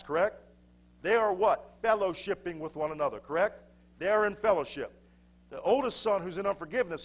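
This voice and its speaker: A man with a somewhat high voice delivers a sermon at a church revival meeting. His preaching is emphatic and repetitive. He keeps turning to the congregation with rhetorical questions.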